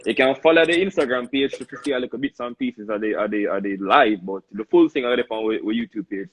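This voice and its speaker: A man's voice: mid-range voice, lo-fi sound. A young Jamaican man hosting a casual live-stream interview, bantering loosely in patois. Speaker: host.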